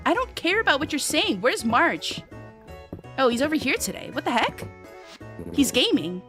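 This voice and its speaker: A woman's voice: sits high, very animated, normal speed, bright, forceful tone. A woman streamer chatting casually and playfully while playing a game, laughing often and reading game text aloud. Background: faint background music.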